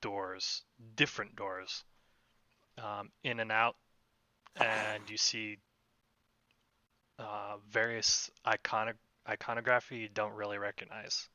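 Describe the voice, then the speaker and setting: Hesitant game master man, bright voice. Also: fairly low pitch, little pitch movement, slow pace, long pauses, lo-fi sound. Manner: hesitant, many fillers. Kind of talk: narrating a tabletop game.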